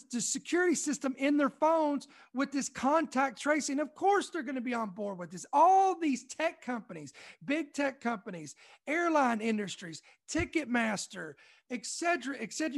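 Kentucky-raised male commentator, young, emphatic, reads news and stresses key lines slowly. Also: very high-pitched. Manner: emphatic, repeats points slowly for effect. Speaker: online commentary host.

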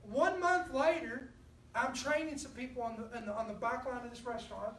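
A woman preaches in a fairly high voice, telling a story and calling out to the congregation. She is picked up from a distance in an echoey church hall. A faint ambient hum sits under her voice. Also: brisk. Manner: storytelling, animated, addresses the congregation directly. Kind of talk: sermon.

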